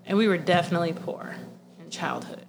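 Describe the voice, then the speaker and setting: A woman's voice: on the low side, fairly quick, gravelly, background noise. A woman co-hosting a casual podcast, blunt and profane, a little congested, telling stories animatedly. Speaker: podcast co-host.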